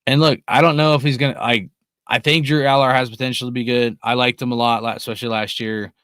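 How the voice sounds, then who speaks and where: Young male podcast host, fired-up and foul-mouthed, swears through every rant, medium pitch, close dry mic. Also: steady tone, quick pace, clean tone, dry recording. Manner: heated, swears constantly, loud bursts. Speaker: podcast host reading live chat. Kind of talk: profane casual sports rant.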